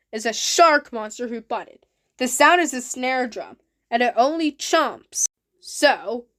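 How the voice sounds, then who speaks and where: A woman with a high voice narrates her own video in a loose, casual way. She sounds eager and keeps her phrasing simple and repetitive. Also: a bit bright. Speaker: channel host.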